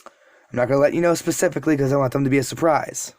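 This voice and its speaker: A man casually telling a fan story to his viewers, wandering off on tangents and poking fun at himself. His voice sits at a middle pitch. The recording is dry and close, with no room sound. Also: fast talker, darkish tone, dry recording. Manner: rambling, self-deprecating asides. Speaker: YouTube storyteller.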